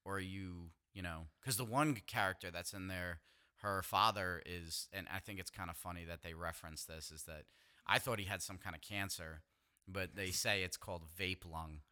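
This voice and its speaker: A man's voice: sits low, steady tone, moderate pace, sharp tone, smooth. A man chatting casually on a podcast, asking questions and filling talk with "like". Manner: casual, questioning, says "like" a lot. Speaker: podcast co-host.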